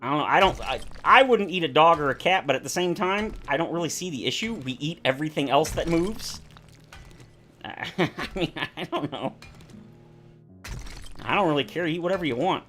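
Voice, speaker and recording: A man's voice: fairly high pitch, lively intonation, normal speed, bright, forceful tone, soft background music. Chatty, rambling male game streamer. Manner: rambling, chatty, self-correcting tangents. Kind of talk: casual chat while playing a survival game.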